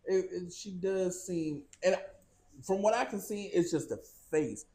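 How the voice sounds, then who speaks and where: Man, higher-pitched, mellow tone, blunt casual co-host. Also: a little slow. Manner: blunt, casual, swears freely. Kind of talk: casual celebrity gossip chat.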